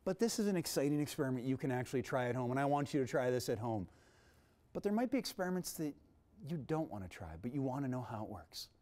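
A man hosting a kids' science demonstration in a TV studio, energetic and showy, with big swings in pitch and loudness. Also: fast talker. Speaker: science presenter for kids.

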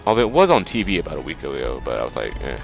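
A man's voice: very deep voice, very animated, rapid-fire, gravelly. A man with a stuffy nose giving rambling, chatty let's play commentary. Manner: rambling, chatty, with many fillers. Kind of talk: casual game commentary. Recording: dull lo-fi sound. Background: faint game music.

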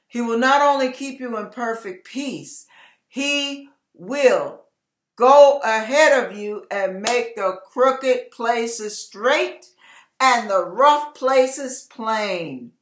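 A hoarse woman preaches an encouraging devotional message at an unhurried pace, leaning into each repeated exhortation. Her tone is bright and forceful despite the roughness in her throat. The recording sounds echoey, as if made in a bare room. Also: a little high. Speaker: online ministry preacher.

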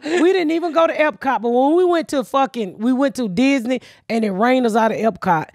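A middle-aged woman hosting a podcast, telling a story in a loud, profane, animated way. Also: high voice, brisk, dry recording. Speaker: podcast host. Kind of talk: casual storytelling chat.

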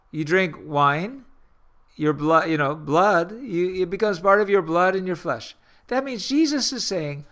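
Earnest man preaching a slow radio sermon. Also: high voice, fairly bright tone. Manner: earnest preaching with emphatic rises and slow drawn-out phrases. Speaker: podcast host and minister.

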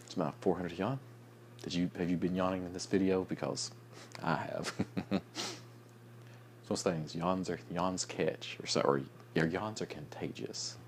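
Young man, very low voice, sleepy and yawning, rambling late-night vlog chat, faint hum behind. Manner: rambling, with restarts, soft chuckles. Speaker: vlogger.

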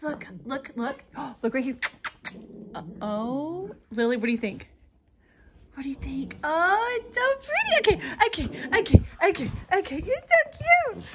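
Brief: woman, very high sing-song voice, coaxing pets, noisy home video. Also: sing-song, measured pace. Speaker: dog owner. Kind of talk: casual baby talk to pets. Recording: home video with background noise.

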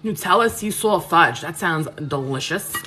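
Chatty Queens woman with a bright voice. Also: lowish voice, lively intonation, normal speed, a little hiss or hum. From Queens, New York. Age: 30s. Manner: chatty, frank, full of fillers and restarts. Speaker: cooking livestream host. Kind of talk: casual live chat answering viewers. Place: home kitchen.

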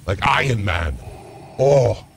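A man streaming a game while playing a goofy, boastful parody of a dark lord, talking in a slow, self-important, jokey way. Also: lowish voice, lively intonation, gravelly, a little hiss or hum, voice pushed up, heavily acted. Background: music.

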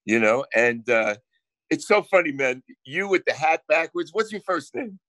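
A man's voice: a little high, animated, normal speed, a bit bright, no room sound. A man with a New Jersey accent, a guest songwriter telling brash stories in casual podcast chat and swearing freely.

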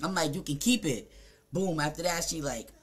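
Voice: mid-range voice, animated, moderate pace, breathy edge. Blunt, profane Jamaican storyteller. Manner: profane, blunt, rambling with frequent fillers; mimics other people in short quoted asides. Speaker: streamer. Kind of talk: casual storytime rant.

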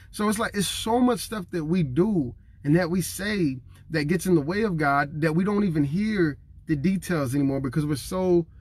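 A man in his thirties preaches to camera in an earnest, conversational way, voicing what others say. His voice is slightly rough and on the high side, and he's emotional, fighting back tears.

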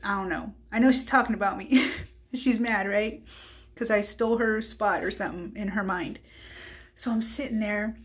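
A woman tells a personal faith testimony in a candid, conversational voice. Her pitch sits in the middle of the range. She talks casually and keeps turning to the listener with asides like "right?". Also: husky. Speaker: speaker giving a Christian testimony.

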